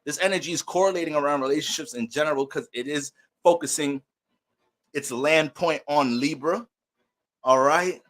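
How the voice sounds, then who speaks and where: A man's voice: a little high, moderate pace, fairly bright tone. A man hosting an astrology livestream, greeting viewers by name in playful mock-preacher banter.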